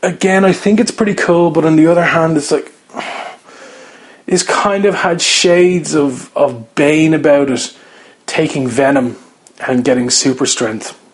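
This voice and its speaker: A man's voice: on the high side, fairly even intonation, unhurried, breathy edge. A man casually reviewing a TV episode, rambling with many fillers and restarts as he gives his opinions.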